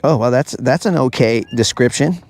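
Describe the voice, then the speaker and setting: A man's voice: mid-range voice, normal speed, a little mellow, no echo. A man hosting a live fishing stream from a boat outdoors, chatting casually and bantering jokingly with his viewers.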